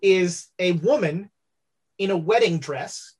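A woman narrating as game master of a tabletop role-playing game, halting and full of fillers. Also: fairly low pitch, a little mellow, slightly rough.

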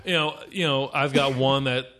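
A man's voice: mid-range voice, steady tone, moderate pace, a bit bright. A man in a casual chat telling stories about his kids in a laid-back way, saying dude and man a lot. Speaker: parent in conversation.

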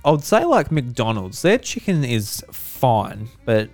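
A man's voice: medium pitch, wildly swooping pitch, takes it slowly, darkish tone, faint music behind. A man with an Australian accent hosting a casual podcast, laid-back and chuckling often. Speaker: podcast host.

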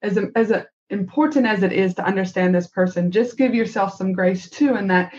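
A woman's voice: mid-range voice, a little fast, darkish tone, dull audio. A woman hosting a podcast as a business consultant, speaking emphatically, repeating points and adding "right?". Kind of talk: interviewer asking questions and coaching.

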